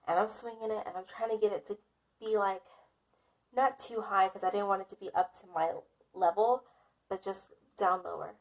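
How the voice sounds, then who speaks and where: A woman's voice: medium pitch, fairly even intonation, normal speed. Dramatic self-mocking woman vlogger. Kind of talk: casual storytime.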